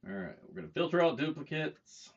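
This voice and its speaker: A man's voice: a little high, big pitch swings, a little fast. A man hosting a casual livestream, talking in a profane, self-mocking way and chuckling at his own jokes. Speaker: livestream host. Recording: dull lo-fi stream audio, faint noise.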